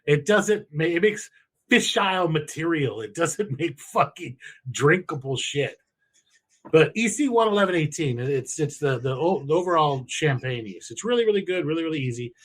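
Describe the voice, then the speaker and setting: A man's voice: a little high, lively intonation, normal speed. A man co-hosting a podcast, chatting casually and profanely, rambling through home brewing steps with emphatic swearing. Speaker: podcast co-host.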